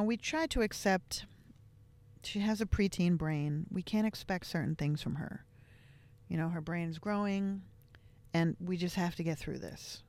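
A woman's voice: on the low side, darkish tone. A woman hosting a podcast, telling a personal family story in a candid, reflective way with many casual fillers. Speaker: podcast host.

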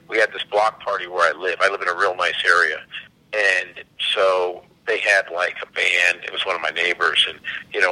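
A man, a company CEO and podcast guest, telling animated anecdotes and acting out the dialogue. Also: low voice, poor audio. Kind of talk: casual storytelling.

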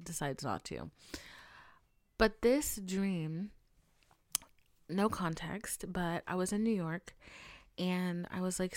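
A woman talks to her podcast mic up close, and the sound is dry with no room in it. She swings between hushed asides and loud, exasperated bursts, with lots of swearing and big dramatic delivery. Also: fairly low pitch, clear, resonant tone, no room sound. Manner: animated, profane, dramatic swings into loud outbursts and whispers. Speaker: podcast host. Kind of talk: casual solo podcast storytelling.

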